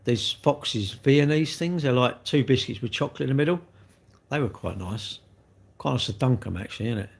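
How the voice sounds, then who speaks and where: A man's voice: medium pitch, moderate pace, creaky, breathy edge. An English man chatting on a live stream, rambling and blunt as he answers viewers in a slangy way.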